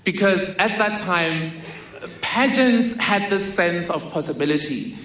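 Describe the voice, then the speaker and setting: Slow, echoey man storyteller. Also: high voice, animated, a bit bright. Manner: vivid, self-mocking storytelling. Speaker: speaker telling a personal story. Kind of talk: storytelling talk on stage. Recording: echoey hall with faint noise.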